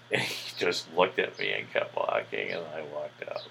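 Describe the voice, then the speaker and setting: A very low-pitched man hosting a podcast, spinning a casual, boastful story with plenty of cursing. There is a faint hum of background noise behind him. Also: sing-song, measured pace, gravelly, pushed and bright, rough recording. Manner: boastful, crude, heavy swearing. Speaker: podcast host.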